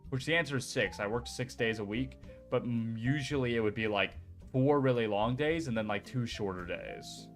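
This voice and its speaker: A man's voice: mid-range voice, normal speed, hardly any pauses, faint music behind. A young man chatting casually on a stream, rambling and joking and swearing now and then. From United States. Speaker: VTuber streamer. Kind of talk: casual chat.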